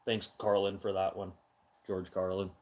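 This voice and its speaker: A middle-aged man hosting a casual live chat, talking loudly and with heavy emphasis, getting excitable when he has an opinion. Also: deep voice, moderate pace. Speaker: live stream host.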